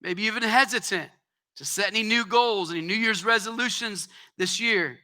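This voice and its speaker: A male pastor with a strikingly high voice and a sharp, forceful edge delivering a sermon. He talks in a conversational way with quick asides, then presses hard into emphatic, ringing exhortations. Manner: emphatic preaching that swells into shouted exhortations. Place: church.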